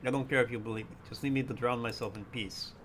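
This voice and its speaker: A man voicing a bitter, grieving middle-aged father who drinks too much, gruff and self-pitying. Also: medium pitch, fairly even intonation, fast, a bit bright, slight background noise, voice pushed down, natural voice. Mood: bitter weary.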